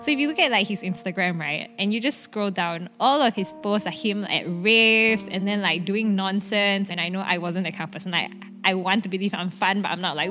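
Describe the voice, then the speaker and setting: A woman's voice: fairly low pitch, long reverb tail. A woman as a podcast guest, chatting casually and animatedly with lots of filler words. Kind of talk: casual chat. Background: music.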